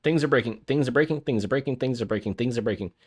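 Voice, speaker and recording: Speaking very fast in a mid-range voice, a man streams a visual novel live. He chats with viewers and reads the narration, flustered and repeating himself.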